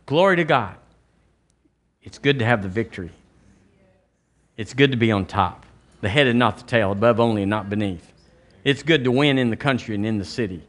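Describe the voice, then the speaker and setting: A man with a Southern American accent, a pastor preaching a charismatic sermon and prayer, with emphatic delivery and sudden loud high rises. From Alabama, US. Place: church sanctuary.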